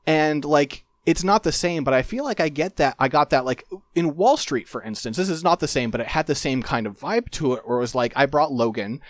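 A man's voice: fairly high pitch, fairly quick, hardly any pauses, no echo. A man chatting casually about a game, rambling with lots of fillers and amused asides. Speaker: podcast co-host discussing a game. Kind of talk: casual chat.

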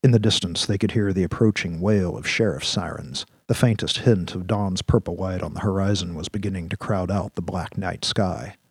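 A man narrating an audio drama in a steady storytelling manner. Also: low voice, moderate pace, hardly any pauses, slightly rough, dry recording, studio quality.

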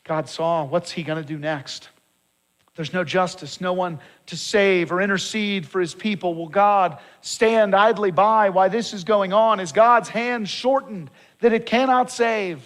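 Man, pastor, sermon, slightly high voice, emphatic rhetorical questions. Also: unhurried, fairly bright tone.

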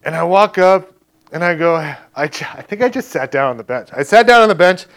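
A man's voice: high voice, animated, brisk, a bit bright. A male preacher telling a personal story to his congregation in a casual, conversational way, laughing often. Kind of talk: conversational sermon testimony.

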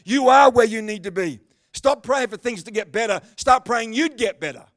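A man preaching in a church service, his voice sitting high for a man. He swings from rising, emphatic bursts to quiet, joking remarks aimed at people in the pews. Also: normal speed. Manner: animated preaching, swings between loud bursts and calm asides; talks with the congregation by name, chatty and joking. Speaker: pastor. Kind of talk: sermon.

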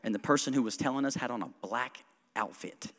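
A male pastor preaching a sermon in a church, conversational and joking, with quick asides, frequent chuckles and a self-described smart-aleck streak. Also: mid-range voice, fairly bright tone. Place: church sanctuary. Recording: long reverb of a church hall.

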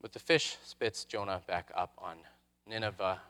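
A man preaching a sermon, reflective, posing rhetorical questions with dramatic pauses. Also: deep voice, fairly even intonation, sharp tone. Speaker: pastor.

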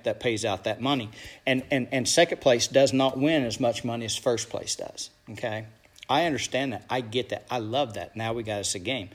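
Man, bull riding coach, blunt motivational talk, profane, plain mid-range voice. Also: medium pitch. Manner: blunt, profane, keeps asking "you know what I'm saying". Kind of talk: motivational talk to young riders.

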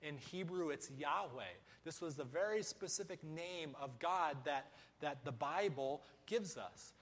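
Man, sermon, high-pitched, emphatic, repeats phrases, long echo. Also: unhurried. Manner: emphatic, rhetorical questions and repetition. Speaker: preacher. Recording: echoey hall.

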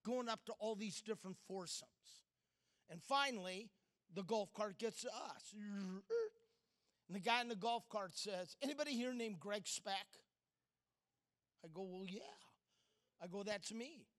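Male speaker, middle-aged, sermon storytelling. Unhurried and bright-toned, with dramatic pauses. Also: sits high, expressive. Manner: storytelling, dramatic pauses, swings from loud to hushed.

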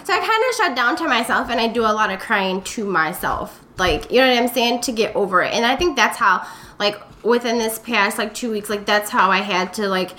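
Chatty woman with a bright voice. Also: fairly high pitch, lively intonation, a little fast, slight background noise. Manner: rambling, heavy use of "like", candid. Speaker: friend in group chat. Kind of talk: casual chat.

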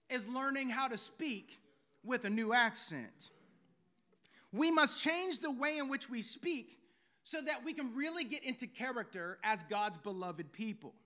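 A male pastor with a very high, bright voice delivers a sermon. His delivery is theatrical, shaped by years in show business. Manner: theatrical, former stage performer.

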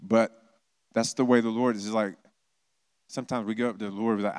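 A middle-aged pastor delivers his sermon in a loose, conversational manner, slipping into quick impressions for the stories he tells. His voice sits on the low side. The sound is dry and close to the mic. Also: fairly even intonation, a little mellow, no room sound. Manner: conversational, acts out quoted voices, self-deprecating humor.

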